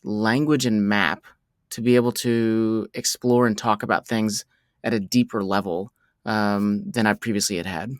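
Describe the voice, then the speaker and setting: A man sharing reflections as a podcast guest, halting, with many fillers and restarts. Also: on the low side, steady tone, clean tone, no echo, clean studio sound.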